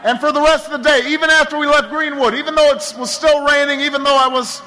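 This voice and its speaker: A man with an unusually high, ringing voice gives a campaign rally speech. He tells a story with many repeated phrases and stammered restarts, stacking lines into a rhetorical build. Faint ambient noise sits behind him. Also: steady tone, quick pace, pushed and bright, rough recording. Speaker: political candidate.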